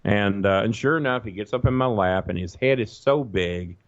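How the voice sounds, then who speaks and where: A man telling a long, profane, animated story in a casual podcast chat. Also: lowish voice, moderate pace, no room sound, dull audio. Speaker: guest storyteller.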